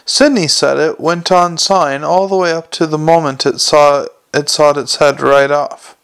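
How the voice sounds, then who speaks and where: A man voicing a rough, anxious timber merchant who grumbles about his losses. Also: a little high, steady tone, normal speed, a bit bright. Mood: aggrieved. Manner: grumbling, aggrieved.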